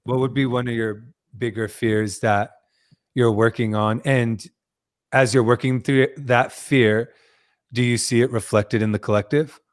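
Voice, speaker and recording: A male podcast host speaking slowly and earnestly, effusive and reflective in a casual spiritual conversation. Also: medium pitch, fairly even intonation.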